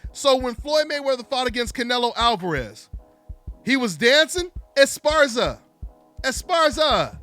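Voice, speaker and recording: Casual: guy with a really high, sharp voice running a live call-in sports show, teasing and goading listeners, saying the same thing again and again, faint music underneath. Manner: animated, taunting, repeats himself. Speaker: boxing talk show host. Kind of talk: solo live call-in boxing talk.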